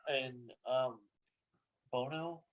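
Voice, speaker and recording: A man's voice: mid-range voice, very slow, lo-fi sound. A man co-hosting a casual chat, tossing in dry one-liners and hesitant guesses. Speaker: co-host. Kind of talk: casual banter.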